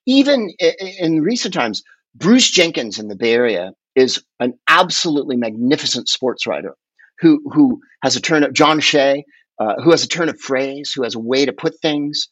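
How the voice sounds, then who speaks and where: A man telling long, rambling, animated stories in casual chat as a podcast guest, often swearing along the way. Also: medium pitch, normal speed, husky, no echo, muffled recording. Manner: rambling, animated, profane storyteller.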